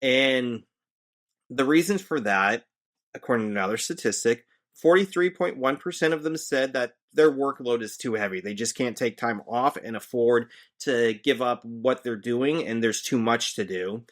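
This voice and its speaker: A man who works as a teacher, hosting a podcast in casual, chatty recap talk, easygoing and quick to chuckle. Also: mid-range voice, a bit bright. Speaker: podcast host.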